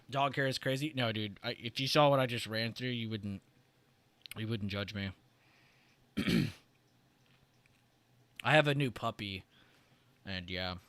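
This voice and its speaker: A man hosting a trading livestream, talking loosely with lots of "like" and "right?", and clearing his irritated throat often. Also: fairly low pitch, takes it slowly, pauses often, a bit bright, dry recording. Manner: loose and chatty, heavy on "like" and "right?". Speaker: trading stream host. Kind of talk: casual livestream explanation.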